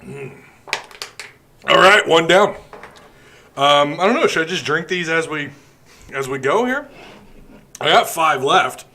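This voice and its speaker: A man's voice: on the high side, expressive, unhurried, long pauses, sharp tone, a little hiss or hum. A man hosting a podcast live stream, chatting loosely and joking while drinking beer. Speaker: podcast host. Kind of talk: casual live stream chat.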